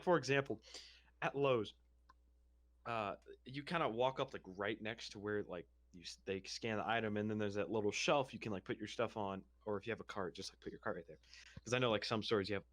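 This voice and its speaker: Animated young man telling stories. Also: lowish voice. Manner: animated storyteller, mimics people in quick put-on voices. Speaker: podcast co-host. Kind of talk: casual chat.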